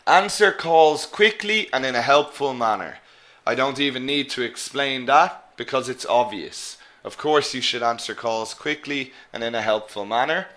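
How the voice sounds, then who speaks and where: A man teaching an online business English lesson, explaining vocabulary and repeating example words slowly and deliberately. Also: mid-range voice, bright, forceful tone.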